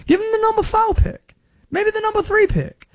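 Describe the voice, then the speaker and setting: A man's voice: very high-pitched, fairly even intonation, moderate pace, dry recording, clean studio sound, voice pushed up. A sports radio host voicing a paranoid conspiracy-minded man with a put-on Southern drawl. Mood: insistent. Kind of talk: sports talk radio bit.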